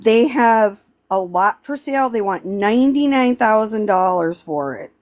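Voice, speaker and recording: A middle-aged woman from Pennsylvania hosts a casual live stream in a rambling, halting voice. She is close to tears and keeps restarting her sentences. Her pitch sits in the middle range for a woman. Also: animated, a little mellow. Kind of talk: emotional casual chat.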